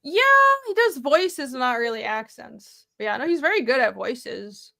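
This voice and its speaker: A woman's voice: high-pitched, expressive, unhurried, creaky, fairly bright tone. A woman comic artist, a guest in a casual interview, speaking in an upbeat way.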